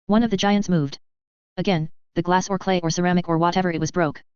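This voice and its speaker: A woman narrating a novel in the first person, in a steady, tense storytelling voice. Her voice is very clear and sits a bit low. The recording is close and dry, with a slightly dull, muffled top end. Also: quick pace, no room sound. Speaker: audiobook narrator.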